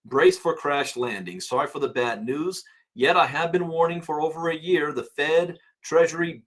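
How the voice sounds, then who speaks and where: A man hosting a crypto channel, casually reading out prices and headlines and musing aloud with quick asides. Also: a little high, a bit bright.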